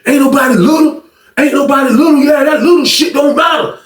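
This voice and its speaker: A man's voice: very high-pitched, moderate pace, a bit bright, pitched above the performer's own voice. A man voicing a short, touchy, combative young man who keeps repeating himself defiantly. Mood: belligerent. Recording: roomy sound from a distant mic.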